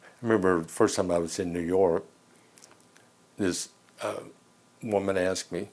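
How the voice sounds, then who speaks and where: A deep-voiced man from Arkansas with an Arkansas Southern accent tells an interview anecdote. His delivery is dry and wry, and his voice sits very low. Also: fairly even intonation, unhurried, long pauses, a little mellow.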